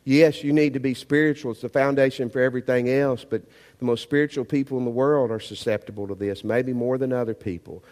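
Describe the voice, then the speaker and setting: A man preaching a sermon as pastor, emphatic and animated, asking the congregation rhetorical questions. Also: mid-range voice, fairly quick, long reverb tail.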